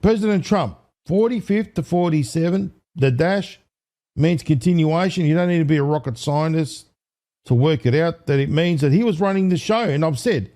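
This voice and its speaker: A man hosting an online commentary video, talking excitably to viewers, counting aloud and correcting himself as he goes. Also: a little high, moderate pace. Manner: excitable, addresses viewers as ladies and gentlemen. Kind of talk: casual commentary to camera.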